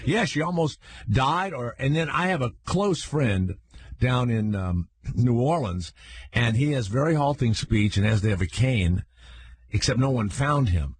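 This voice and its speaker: An older man hosting a radio talk show shares personal stories casually and animatedly, leaping into high-pitched, excited voices when acting out scenes. He speaks unhurriedly with a slightly rough voice, and there's no echo.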